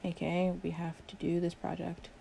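A woman's voice: lowish voice, flat delivery, fairly quick, vocal fry, warm tone, a little hiss or hum. A young woman in a one-sided role-play, playing a sarcastic, exasperated coworker who swears a lot. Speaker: coworker doing a project with the listener.

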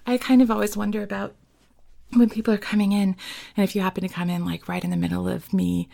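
A woman's voice: medium pitch, flat delivery, fast talker, vocal fry, dark tone. A woman performer chatting casually between requests, rambling and laughing, sometimes dropping into a whisper. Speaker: live performer reading requests. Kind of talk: casual chat.

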